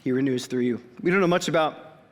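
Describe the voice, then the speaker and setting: A middle-aged man, a pastor, preaching an earnest and conversational sermon with dramatic pauses in a church sanctuary. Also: mid-range voice. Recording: long reverb of a large hall.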